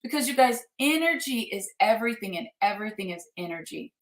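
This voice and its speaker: A woman's voice: medium pitch, lively intonation, fairly quick, roomy sound. A middle-aged woman and life coach giving an emphatic motivational talk, repeating her points for effect.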